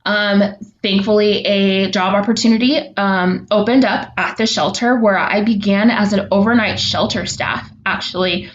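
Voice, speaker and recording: Young woman, podcast guest. Earnest, reflective, softly dull recording. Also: medium pitch, steady tone, a little slow. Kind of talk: heartfelt interview storytelling. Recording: slightly dull lo-fi audio.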